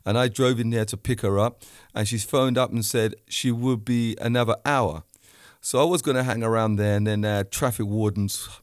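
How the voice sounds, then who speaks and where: A man's voice: lowish voice, dry recording, studio quality. A man from the UK talking straight at the listener in a ranting monologue, acting out both sides of his stories. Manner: animated storytelling, acts out both sides of dialogue.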